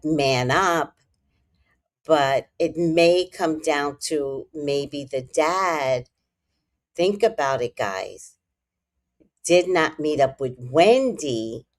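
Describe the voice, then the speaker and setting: A woman tarot reader giving casual gossip commentary, speculating and talking straight to her viewers. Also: deep voice.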